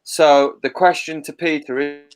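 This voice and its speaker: A man's voice: a little high, steady tone, measured pace, a little hiss or hum, rough recording. A man chatting on a group video call, restarting his sentences and laughing often. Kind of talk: casual chat.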